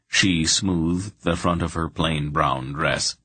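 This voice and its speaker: A man reading a fantasy audiobook aloud in slow, even storytelling. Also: a bass voice, slightly rough, no room sound. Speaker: audiobook narrator. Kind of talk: scripted fantasy narration.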